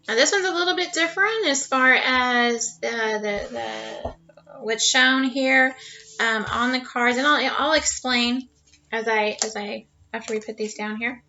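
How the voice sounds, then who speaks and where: A woman's voice: fairly high pitch, slow pace, bright, forceful tone, slight background noise. A woman giving a casual tarot card reading at her home, rambling and chatty with many fillers and restarts. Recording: dull lo-fi sound.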